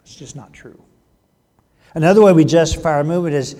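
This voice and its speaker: A man's voice: on the high side, brisk, warm tone. A middle-aged man, a pastor, delivering a sermon with emphatic swells and drops in volume. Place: church sanctuary. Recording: long hall reverb.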